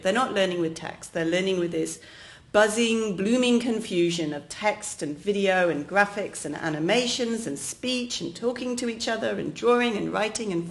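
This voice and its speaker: A woman from England with an English accent, giving an academic keynote lecture in a lively, jokey way, speaking straight to the audience. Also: mid-range voice. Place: lecture hall.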